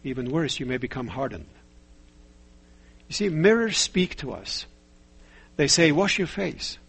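A man preaching a sermon in a measured way, asking rhetorical questions and telling stories. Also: medium pitch, big pitch swings, a bit bright, breathy edge.

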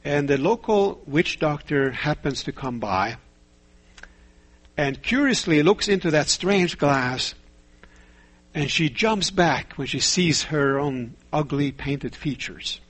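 A preacher gives a sermon at a steady, measured pace, frequently pausing for rhetorical questions and stories. His voice is a little high with a husky edge.

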